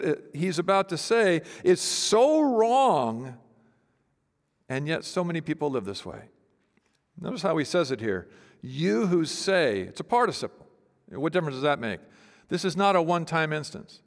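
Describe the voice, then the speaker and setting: A man preaching an expository sermon, emphatic and teacherly, asking the congregation questions. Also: high-pitched. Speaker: pastor. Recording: long hall reverb.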